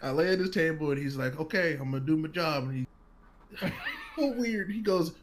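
A man casually telling a personal story on a podcast, animated, acting out other people's lines and laughing often. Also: a little high, fairly quick, slight background noise.

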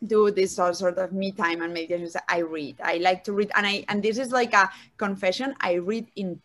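A woman with a Spanish accent, a venture capital guest talking in a casual interview over a video call, animated and effusive. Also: medium pitch, a little fast. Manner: animated, effusive, acts out little dialogues. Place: calling in from home.

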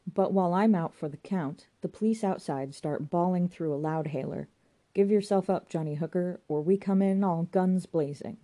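A woman's voice: fairly low pitch, normal speed, hardly any pauses, mellow, close to an everyday voice. A woman voicing a rambling, self-important male pub landlord with a banged head. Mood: chatty.

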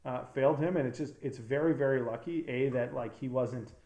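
A man's voice: medium pitch, brisk, warm tone. A man who makes documentaries, talking in a casual interview. He rambles earnestly and fills his speech with fillers and restarts. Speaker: documentary filmmaker. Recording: roomy echo.

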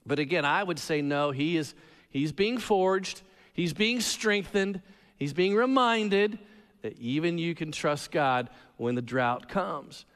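High-voiced pastor in a reverberant hall. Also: male voice. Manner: animated storytelling with humor and dramatic pauses. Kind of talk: sermon.

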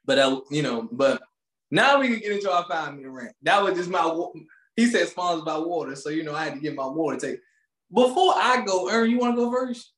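A man co-hosting a podcast, ranting loudly with swearing and frequent laughter, speaking. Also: a little high, brisk, echoey room. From Maryland, USA. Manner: loud, animated, swearing, laughing often. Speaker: podcast co-host. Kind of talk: casual comedic rant.

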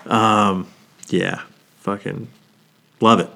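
Low-voiced man swearing through casual chat. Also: little pitch movement, very slow, vocal fry, bright, forceful tone. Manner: swears a lot, gets emotional about movies. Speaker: podcast co-host.

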